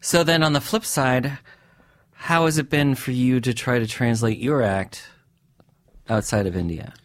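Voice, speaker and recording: A male interviewer with an ordinary mid-range voice asks curious follow-up questions. He keeps the conversation moving with short murmurs of agreement and friendly laughter. His manner is relaxed and engaged. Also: medium pitch, unhurried. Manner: curious, brief backchannels, laughs along.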